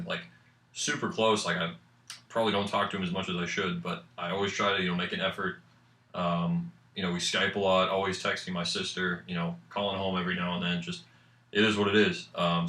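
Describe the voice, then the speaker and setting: A young man from New Hampshire with a New England accent, a student guest rambling through stories in casual radio chat. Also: sits low. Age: young adult. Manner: rambling, animated storyteller with filler likes. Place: college radio studio. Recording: roomy, distant mic.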